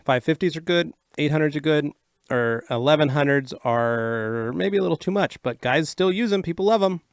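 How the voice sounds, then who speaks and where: A man co-hosting a casual livestream Q&A, reading out viewer questions and explaining answers briskly and matter-of-factly. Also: on the high side, no echo, studio quality.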